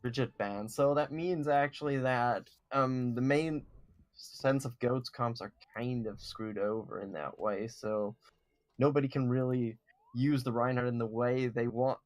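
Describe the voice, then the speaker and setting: A man casting an esports match, giving measured, analytical play-by-play and breaking down team compositions. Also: mid-range voice, steady tone, no room sound. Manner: measured analytical commentary with some fillers. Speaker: esports caster.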